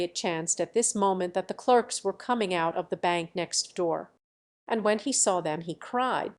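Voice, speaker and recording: A woman narrating an old fairy tale for an audiobook. Her reading is lively and expressive, carrying the story from scene to scene. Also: on the low side, a little slow. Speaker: audiobook reader.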